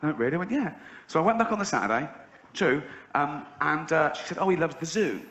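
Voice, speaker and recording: Speaking a little fast, this middle-aged Englishman performs stand-up before a laughing theatre crowd. His storytelling stays deadpan, then jumps into high shrieks to play other characters. The audio is muffled, with hall echo and audience noise.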